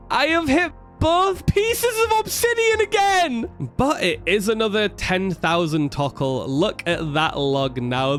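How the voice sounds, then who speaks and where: High-voiced man chatting over gameplay. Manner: chatty, excitable, self-deprecating. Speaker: gaming video creator. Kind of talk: casual gameplay commentary.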